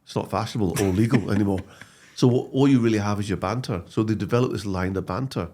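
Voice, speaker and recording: A man, a comedy actor talking as a guest in a casual interview, animated and prone to restarts. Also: on the low side, quick pace. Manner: animated storytelling with frequent restarts.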